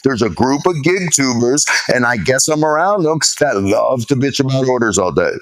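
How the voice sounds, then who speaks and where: A man's voice: medium pitch, lively intonation, moderate pace, a little hiss or hum. A man boasting about his YouTube channel in a casual podcast chat, swearing often and talking with swagger. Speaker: guest YouTuber.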